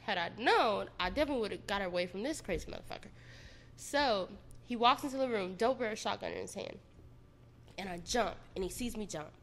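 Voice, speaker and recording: A woman's voice: mid-range voice, animated, brisk. A woman telling her own story in a casual, candid and profane way.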